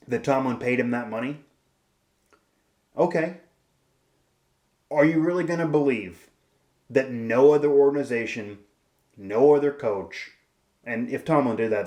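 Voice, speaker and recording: A man's voice: mid-range voice, reverberant. A man hosting a sports show, giving emphatic, rambling opinion commentary with frequent restarts.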